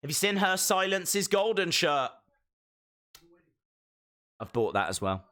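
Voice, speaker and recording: A man giving excitable, jokey live commentary while watching a show along with viewers. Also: high voice, measured pace. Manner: excitable, jokey, talks to himself. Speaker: live stream reactor.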